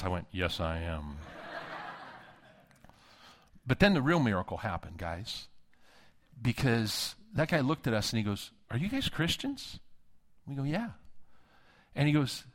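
A man preaching a sermon at a conference, telling a story with lively acted-out dialogue. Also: mid-range voice. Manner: animated storytelling, acting out dialogue. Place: conference hall.

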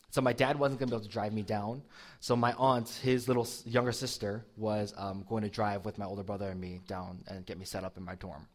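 A young adult man, a pastor, telling a personal story in a sermon in a casual, self-deprecating way, with frequent laughs and fillers. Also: mid-range voice.

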